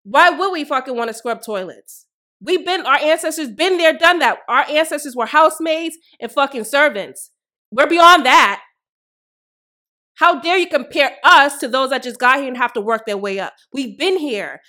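A woman's voice: sits high, pushed and bright. A woman hosting a solo podcast, delivering fiery, profane commentary full of rhetorical questions. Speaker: podcast host.

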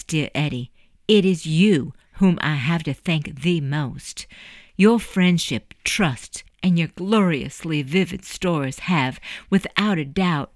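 A woman voicing a newly freed young woman from the 1820s, reading her farewell letter in a formal, measured way. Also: sits low, darkish tone, no room sound, studio quality.

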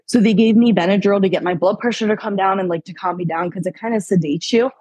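Husky-voiced Pennsylvania mom, candid and rambling. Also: female voice, mid-range voice, fast talker, a little mellow, no echo, muffled recording. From Pennsylvania, USA. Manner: candid, rambling with many fillers. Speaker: podcast guest. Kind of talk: casual interview.

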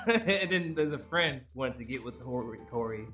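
A man's voice: mid-range voice, fairly quick, pushed and bright, soft background music. A young man co-hosting a podcast in casual chat, rambling and laughing as he acts out quotes. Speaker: podcast co-host.

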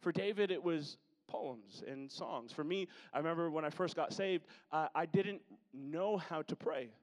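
A man's voice: on the high side, normal speed. A man preaching a conversational sermon to his congregation, with joking asides. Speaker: pastor. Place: church sanctuary. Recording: long hall reverb.

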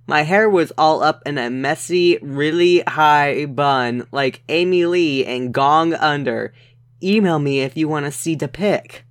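A man's voice: fairly high pitch, a little slow, clear, resonant tone, dry recording, studio quality. A young man hosting a comedy podcast, reading fan fiction aloud with theatrical, mock-dramatic overacting.

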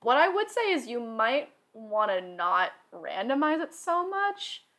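Bright, chatty young-sounding woman. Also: fairly high pitch, sing-song, a little slow, slight background noise. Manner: chatty, laughs often, lots of "like". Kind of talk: casual podcast chat.

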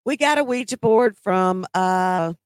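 Woman, very slow storytelling, repeats herself, dry close sound. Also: fairly low pitch, expressive, clear, resonant tone, no room sound. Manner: unhurried, repeats words as she recalls. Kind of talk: personal paranormal storytelling.

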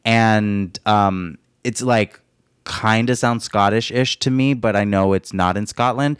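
A man's voice: fairly low pitch, a little slow, smooth, no echo, clean studio sound. Casual, chatty male podcast co-host. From United States. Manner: chatty, laughs often, lots of fillers. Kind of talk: casual chat.

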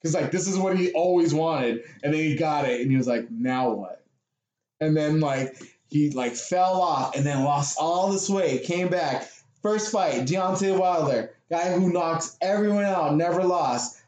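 A young man co-hosting a podcast, chatting casually and excitedly, swearing and laughing a lot. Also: on the high side, unhurried. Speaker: podcast co-host. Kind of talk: casual chat. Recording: echoey room.

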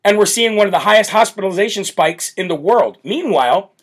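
A man hosting a live political talk show, brash and loud, often breaking into laughter. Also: high voice, animated, a little fast, breathy edge. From United States. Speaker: show host.

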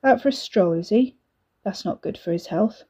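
A woman's voice: mid-range voice, animated, moderate pace, mellow, slightly rough. A woman voicing a swaggering, threatening young man who sneers and curses at his siblings, in a storybook reading. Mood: snapping. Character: menacing swaggering young man, bully brother.

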